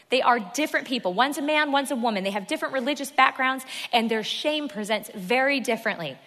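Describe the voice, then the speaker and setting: A woman preaches from the front of a church, emphatic and repeating her key phrases. Her voice sits a little high and rings bright and clear. A long reverb trails behind her in the large hall. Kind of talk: sermon.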